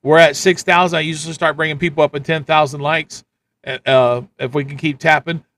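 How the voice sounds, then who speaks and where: A man running a live stream with a high, bright voice. He rants blunt political commentary, repeating his points. The delivery is casual and hard-hitting. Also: steady tone, a little fast. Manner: ranting, repetitive, blunt. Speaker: livestream host.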